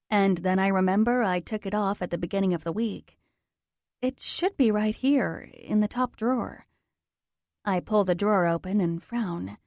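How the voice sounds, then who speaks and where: A woman's voice: mid-range voice, vocal fry, mellow, dry recording, studio quality. A woman narrating a romance audiobook in the first person, intimate and emotional.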